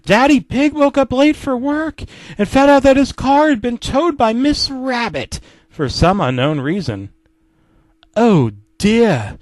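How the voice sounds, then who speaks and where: A man narrating a comedic story as the channel host, breaking off for deadpan asides. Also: high voice, no room sound.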